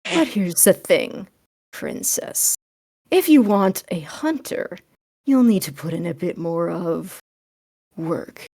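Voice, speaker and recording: A woman doing a sly, fanged woman in a tabletop role-play. She purrs her lines low and soft and stretches them out. The teasing stays even throughout. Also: slow pace, long pauses, slightly rough, dry recording, studio quality, full character voice.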